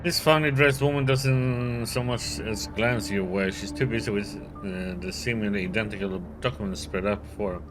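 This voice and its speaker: Over background music, a male let's play streamer casually reads out a role-playing game's text, taking on all the characters lightly. He has a lowish voice, talks at normal speed, and barely pauses.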